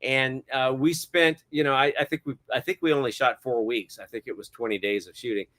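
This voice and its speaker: A middle-aged man speaks as an interview guest, moving through his stories with plenty of hesitant fillers. His voice sits at an ordinary pitch, and his tone stays casual and chatty. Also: steady tone, fairly quick, a bit bright. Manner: rambling, many hesitant fillers, chuckles often. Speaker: guest cinematographer.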